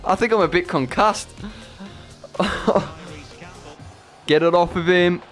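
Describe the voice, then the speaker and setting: Excitable man commentating gameplay. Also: high-pitched, slow pace, soft background music. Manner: excitable, swings between shouting at the game and deflated muttering. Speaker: gaming YouTuber.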